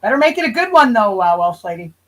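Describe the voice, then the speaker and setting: A woman's voice: mid-range voice, sing-song, fast talker, crowd noise, low-quality recording. A woman co-hosting a casual live chat, joking and teasing in playful banter. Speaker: livestream co-host.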